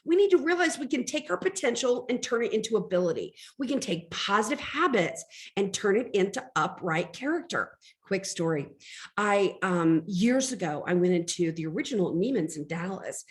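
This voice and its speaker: A middle-aged woman speaks as a life coach at an ordinary middle pitch. She tells personal stories in a chatty way and talks straight to her audience. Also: very animated, moderate pace. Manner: chatty storytelling, addresses audience directly. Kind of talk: motivational talk.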